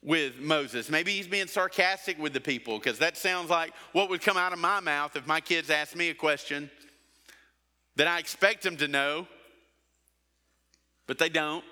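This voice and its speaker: Casting note: middle-aged male preacher, bright ringing voice, a little higher than most, long church-hall reverb. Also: unhurried. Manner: preaching with rhetorical questions and acted-out quotes. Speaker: pastor. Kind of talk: sermon.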